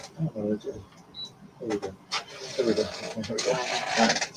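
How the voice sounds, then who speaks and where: A man's voice: on the low side, fairly even intonation, normal speed, heavy background noise. A man hosting a live stream, chatting casually and telling rambling stories about his pets. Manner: rambling, chatty storytelling with restarts; coos softly to his pets.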